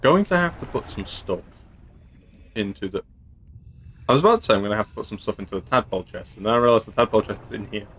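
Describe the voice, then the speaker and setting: A man's voice: lowish voice, expressive, fast, fairly bright tone, slight background noise. A man from England casually chatting through a game stream, playful and chatty, throwing in silly sound effects. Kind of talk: casual gameplay commentary.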